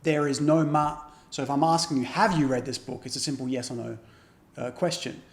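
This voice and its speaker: Man teaching slowly, roomy sound. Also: mid-range voice, steady tone. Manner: explains slowly, repeats model phrases carefully. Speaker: language teacher. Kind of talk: beginner language lesson.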